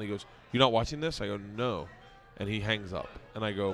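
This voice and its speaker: A man's voice: lowish voice, a little fast, a bit bright, soft background music. A man in his forties, a podcast guest, tells a long profane anecdote casually, acting out the quotes. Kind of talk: casual storytelling.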